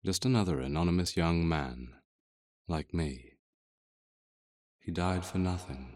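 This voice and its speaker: A male narrator reads a first-person novel in a measured, brooding and introspective tone. His voice sits extremely low. The recording is close and dry, with no room sound. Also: darkish tone, no room sound. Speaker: audiobook narrator.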